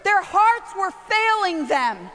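High, bright woman preaching. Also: takes it slowly. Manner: animated, shifts from hushed storytelling to shouted preaching. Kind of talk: sermon with personal storytelling. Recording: long reverb of a large hall.

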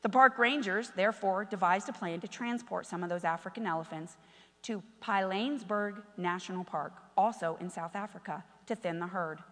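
A woman's voice: medium pitch, moderate pace. Impassioned woman preaching in a hall. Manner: impassioned, swinging from hushed to shouted, acting out quoted voices. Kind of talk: sermon. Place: church.

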